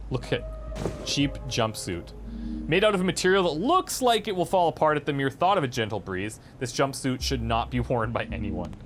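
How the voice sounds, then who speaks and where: A man casually commenting on gameplay, animated and amused, with frequent chuckling asides. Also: medium pitch, a little hiss or hum. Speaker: let's play host.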